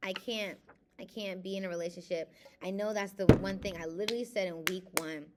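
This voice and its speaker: A young woman talks straight to her viewers in a casual confessional vlog. She moves between reading passages aloud and candid, emotional venting. Her voice sits in an ordinary middle pitch. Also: steady tone, fairly quick, noisy background. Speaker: vlogger reading and reflecting on a self-help book.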